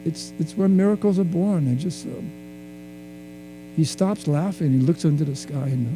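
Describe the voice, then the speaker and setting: A man from Hawaii giving a talk, telling a personal story in a reflective, halting way with many restarts. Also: fairly high pitch, noisy background. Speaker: speaker. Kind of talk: storytelling lecture.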